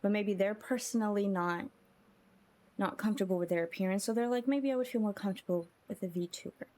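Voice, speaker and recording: A woman's voice: mid-range voice, a little fast, darkish tone, slight background noise. A woman streamer chatting casually with her chat while gaming, musing and talking straight to them.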